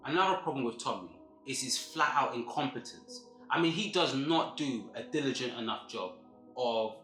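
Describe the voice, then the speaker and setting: A man's voice: mid-range voice, expressive, sharp tone. An earnest man delivers opinion commentary as a host, picking his words carefully and sometimes correcting himself. His voice sits in a mid register, and the room around him is echoey. Music plays beneath him. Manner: measured, self-correcting, earnest.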